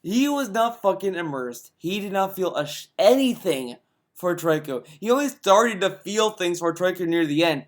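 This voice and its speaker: Sarcastic male ranter, fairly high voice, swearing nonstop, exasperated reaction commentary. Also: fairly bright tone.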